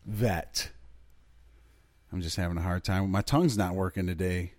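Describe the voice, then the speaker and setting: Casual, swearing podcast guy, low voice. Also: moderate pace, darkish tone, dry recording, clean studio sound. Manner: loose, profane, laughs often. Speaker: podcast co-host. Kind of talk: casual news chat.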